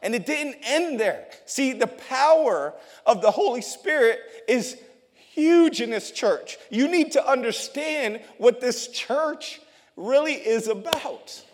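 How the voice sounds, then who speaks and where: A male youth pastor giving a testimony sermon to his congregation in a church, telling his story in a lively way, often laughing and repeating words. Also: very high-pitched, slow pace. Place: church sanctuary. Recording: long hall reverb.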